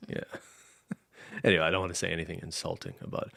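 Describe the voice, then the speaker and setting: A young man with a deep, gravelly voice, recorded dry and close with no room sound. He talks in a loose, rambling way as a podcast co-host and laughs often. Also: little pitch movement, quick pace, sharp tone, no room sound. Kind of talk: casual chat.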